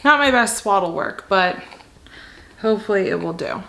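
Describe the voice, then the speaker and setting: A young woman talks casually to her camera about life with a newborn, in an ordinary mid-range voice. She chats freely and laughs often, sometimes dropping to a gentle coo for the baby. A faint hiss sits under the recording. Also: mid-range voice, animated, normal speed, gravelly. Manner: chatty, laughs often, coos softly to a fussy baby. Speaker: vlogger mom. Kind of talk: casual vlog talk to camera.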